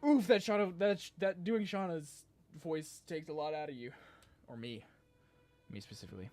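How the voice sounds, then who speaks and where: A man's voice: a little high, moderate pace, darkish tone, faint music behind. A man hosting a let's play, giving casual commentary with wry asides.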